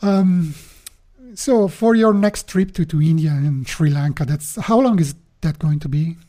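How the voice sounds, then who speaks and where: A man's voice: fairly high pitch, a little slow, mellow. A man talking with the host over a video call, hesitant and often repeating words as he searches for them. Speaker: podcast guest. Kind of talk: casual conversation.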